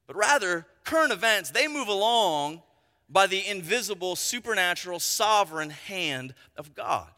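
A man's voice: sits high, expressive, normal speed, sharp tone. A man, a pastor, preaching a sermon with emphatic delivery and frequent asides of "right?" to the congregation. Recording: long reverb of a large hall.

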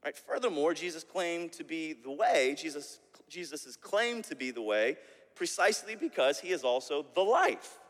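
A man's voice: a little high, animated, moderate pace, long reverb tail. A man preaching a sermon as pastor, tagging his points with "right?" and often repeating words as he restarts.

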